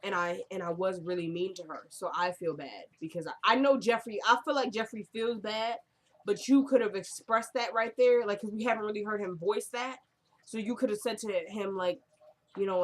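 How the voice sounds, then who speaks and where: A woman's voice: medium pitch, brisk. A young woman recapping a TV episode in casual chat, rambling and talking straight to her viewers at home.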